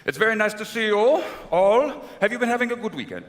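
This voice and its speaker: A man playing a suave aging Latin film star with a put-on Spanish accent, gushing flattery at a convention crowd. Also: high voice, fairly quick, very noisy, pitched above the performer's own voice. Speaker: convention guest performer. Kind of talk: live comedy impression on stage. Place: large convention hall. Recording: echoey hall with crowd.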